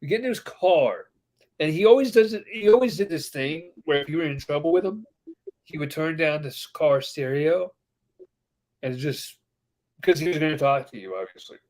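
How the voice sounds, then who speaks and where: A man with a slightly high voice tells a story on a casual podcast. He is animated and acts out the people in it as he goes. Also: normal speed. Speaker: podcast co-host. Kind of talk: casual chat.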